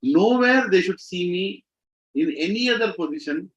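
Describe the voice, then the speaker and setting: A man's voice: high voice, expressive, moderate pace, pitched above the performer's own voice. A man voicing a fervent devoted monkey god. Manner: impassioned and pleading. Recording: slightly muffled recording.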